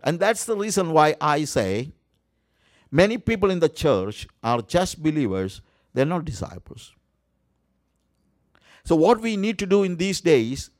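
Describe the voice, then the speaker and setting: Earnest preacher man, slow and dry. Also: a little high, darkish tone, dry recording. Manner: earnest, repeats key words for emphasis, frequent uh fillers. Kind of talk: sermon.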